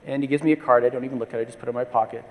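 A man in his fifties presents at a conference in a large hall, telling anecdotes with wry asides. His medium-pitched voice stays steady in tone, and he talks rapid-fire. A long reverb from the hall fills the recording.

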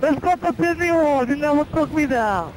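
A man's voice: very high-pitched, expressive, normal speed, noisy background, pitched above the performer's own voice. A man playing a boy who pleads with his father figure in a whiny voice. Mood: pleading.

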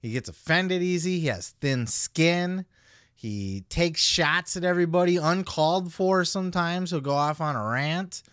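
A man's voice: fairly high pitch, lively intonation, measured pace, a bit bright, clean tone, no echo, studio quality. A man hosting a podcast, giving casual commentary in a blunt, heavily profane way. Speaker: podcast host.

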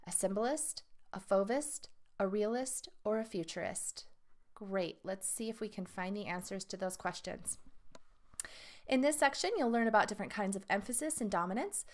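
A woman's voice: mid-range voice, moderate pace. Woman teacher reading art lesson aloud. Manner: reads questions and answer choices aloud, adds asides to students.

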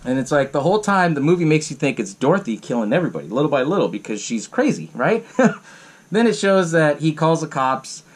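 Profane, rambling podcast host. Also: male voice, a little high, big pitch swings, fairly quick. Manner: loose and profane, lots of fillers. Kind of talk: casual movie recap.

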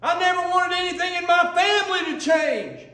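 A pastor playing a stubborn old man in his eighties, drawn-out and loud, in a roomy hall. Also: extremely high pitch, animated, pitched above the performer's own voice, heavily acted. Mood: fervent. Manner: slow, emphatic, rising to shouts. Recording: echoey church from a distance.

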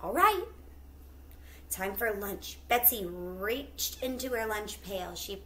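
A woman teacher reading a picture book aloud to children, pausing to ask them questions. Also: mid-range voice, lively intonation, pushed and bright. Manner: pauses to ask listeners questions.

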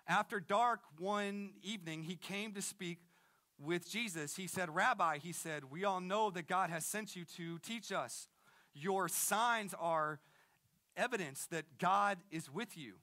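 A man in his thirties preaching a sermon, casual and energetic, with slang and frequent restarts. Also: sits high, unhurried. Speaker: pastor.

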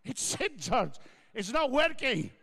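A man's voice: very high-pitched, big pitch swings, slow, bright, forceful tone, slightly rough, full character voice. A man voicing a complaining eighty-year-old immigrant mother in broken English.

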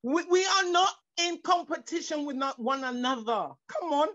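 Fervent high-voiced woman preaching over a video call. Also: animated, normal speed, fairly bright tone, no echo. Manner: fervent, repetitive, stumbling restarts, rising into exclamations. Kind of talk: sermon. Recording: dull lo-fi video call audio.

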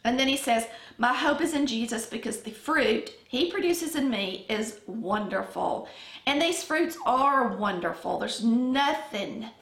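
Middle-aged Southern woman, relaxed Bible-study teacher, gravelly tone, echoey room sound. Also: fairly high pitch. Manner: conversational, unhurried, frequent ums. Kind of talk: casual Bible lesson.

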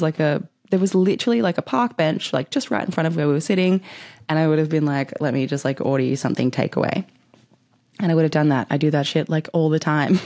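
A young woman tells a story in a loose, rambling vlog style. Her voice sits low, and she fills it with "like" and casual swearing. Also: darkish tone. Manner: rambling, swears freely, says "like" constantly. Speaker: vlogger.

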